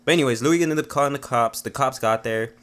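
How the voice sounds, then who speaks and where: A man talking fast on his vlog, telling a story. His pitch sits in the middle range. He rambles and swears, and he packs his sentences with fillers. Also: a bit bright. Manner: rambling, profane, heavy with fillers. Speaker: vlogger. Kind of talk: casual storytelling.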